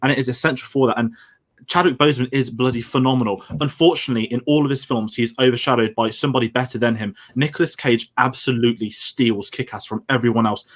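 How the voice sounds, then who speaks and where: A man debating at a rapid clip on a podcast. He argues forcefully, piling one point onto the next. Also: mid-range voice, steady tone. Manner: fast, forceful arguing.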